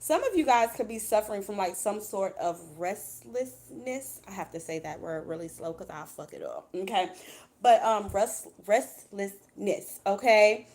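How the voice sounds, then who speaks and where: A woman's voice: medium pitch, animated, fairly quick, a little mellow. A woman doing a casual tarot reading for her viewers, chatty and blunt, swearing freely and calling them "baby.". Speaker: tarot reader.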